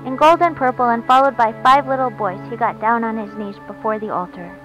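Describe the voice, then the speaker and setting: A woman reading a short story aloud in a calm, even storytelling way, recorded on a dull lo-fi track with faint hiss. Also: a little high, fairly quick, over music. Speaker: narrator.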